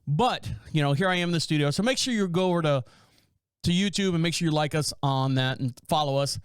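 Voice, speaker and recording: A man from North Carolina hosts a solo podcast from a small home studio, talking in a loose, rambling way and acting out the neighbors in his stories. His voice sits high and sounds smooth and clean. The room is dry, with almost no echo. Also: fairly quick. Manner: rambling, self-interrupting storyteller who acts out neighbors' lines. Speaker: podcast host. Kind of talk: casual solo podcast monologue.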